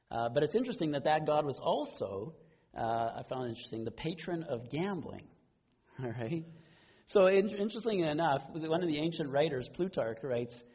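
A man giving a sermon as pastor, speaking conversationally, with quiet asides and the odd chuckle. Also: medium pitch, slightly rough, lo-fi sound.

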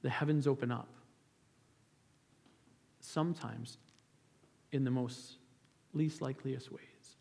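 A man's voice: medium pitch, steady tone, slow pace, gravelly, pauses often, darkish tone, husky. A male pastor giving an earnest, conversational sermon, often restarting his sentences. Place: church sanctuary. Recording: hall reverb, church sanctuary.

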